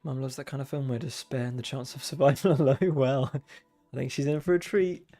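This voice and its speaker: A man's voice: medium pitch, steady tone, a little fast, mellow. A young man streaming, chatting casually while he draws, with dry self-deprecating humor. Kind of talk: casual chat while drawing.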